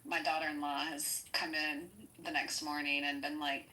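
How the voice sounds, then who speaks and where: A woman's voice: sits low, normal speed, hardly any pauses, low-quality recording. A middle-aged woman with grown children, chatting casually and laughing often. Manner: giggly, expressive, laughs often. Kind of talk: casual chat.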